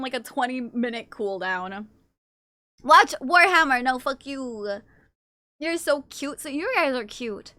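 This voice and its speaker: A woman's voice: sits high, bright, forceful tone, dry recording. A woman livestreamer chatting casually and playfully with her viewers, reading chat aloud and swearing now and then.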